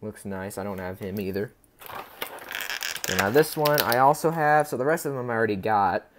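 A man's voice: fairly low pitch, expressive, moderate pace, background noise. A man hosting a casual unboxing video. He chats upbeat and rambling with his viewers and stumbles over player names as he goes. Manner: chatty and upbeat, talking to viewers. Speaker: unboxing channel host.

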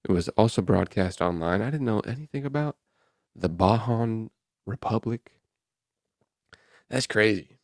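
Here a man hosts a podcast, riffing wryly and casually on headlines he reads aloud. He speaks with a fairly low, expressive voice, unhurried and pausing often, in clean studio sound without room sound.

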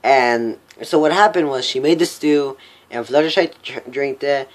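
A young man casually recapping a cartoon episode on a voice call, rambling and halting. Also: mid-range voice. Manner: rambling, halting, full of fillers. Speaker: vlog host.

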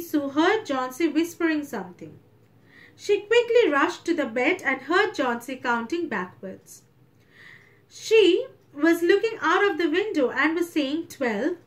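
Slow, high-pitched Indian English teacher. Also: female voice. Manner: retells each passage in simpler words. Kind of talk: English lesson, story explanation.

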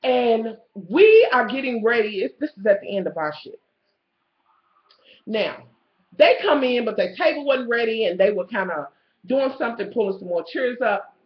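A woman, telling a profane, animated story as a vlogger, swinging between loud outbursts and low asides. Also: moderate pace. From Kentucky, USA. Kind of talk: ranting storytelling. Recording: echoey lo-fi home video.

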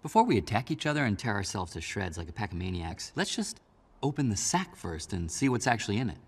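A quick, husky cartoon guy. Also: fairly low pitch, big pitch swings, recorded from a distance, heavily acted. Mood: cautious.

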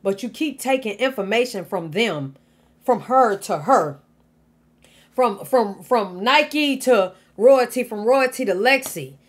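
Woman commentator, high voice swooping all over, blunt and exasperated. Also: lively intonation, takes it slowly. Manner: blunt, exasperated, swearing freely. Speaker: reaction channel host. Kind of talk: casual commentary.

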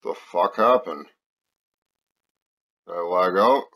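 A man's voice: sits low, takes it slowly, sharp tone. A man hosting his own gameplay video, swearing constantly and taunting his opponent. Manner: aggressive, trash-talking, swearing constantly. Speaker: gaming video host. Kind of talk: profane gameplay commentary. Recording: noisy with game audio. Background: game sounds and vehicles.

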